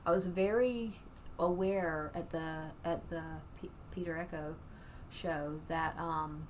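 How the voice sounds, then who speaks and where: A woman comedian chatting as a podcast guest in a lowish voice. She circles back on her points, repeating phrases with earnest conviction. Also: fairly even intonation, slow pace, a little hiss or hum. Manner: rambling, repetitive, earnest. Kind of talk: casual chat.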